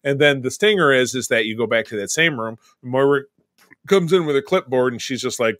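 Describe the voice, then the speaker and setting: Podcast co-host, male, bright, dry close sound, rambling film recaps. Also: mid-range voice, animated, moderate pace, dry recording. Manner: rambling, recaps scenes in detail. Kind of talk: casual movie discussion.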